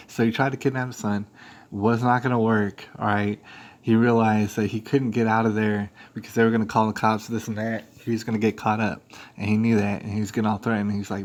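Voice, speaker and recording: A man's voice: fairly low pitch, steady tone, a little fast. Rambling man hosting a live stream. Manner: rambling, speculative, many fillers and restarts. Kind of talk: casual commentary on news clips.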